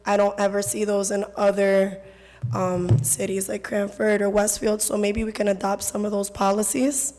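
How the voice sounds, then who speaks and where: Hoarse woman with a flat delivery at a council meeting. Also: mid-range voice, normal speed. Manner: earnest, reads statistics, repeats her concerns. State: hoarse, losing her voice. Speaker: public commenter at a council meeting. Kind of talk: public comment speech. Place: council chamber. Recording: reverberant council chamber.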